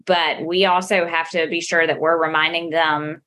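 A woman's voice: sits low, flat delivery, normal speed, sharp tone. A woman guesting on a podcast, explaining her work in property management with a dry, sarcastic streak. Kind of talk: casual podcast interview.

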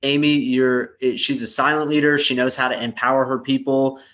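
Guy on a podcast hyping his team, kinda flat voice, a bit muffled. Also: mid-range voice, moderate pace. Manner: enthusiastic, full of praise. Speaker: company leader, podcast co-host. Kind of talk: casual podcast chat.

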